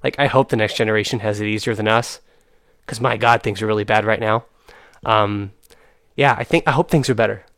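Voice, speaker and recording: Brief: young adult male host, earnest and frustrated, halting with fillers, dry close recording. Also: on the low side, fairly bright tone, dry recording. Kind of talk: casual chat.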